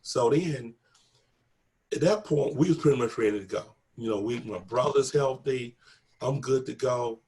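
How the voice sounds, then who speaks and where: A middle-aged guest earnestly retells a personal story, casual and emotional, acting out quoted dialogue. He has a darkish mid-range voice and speaks at normal speed.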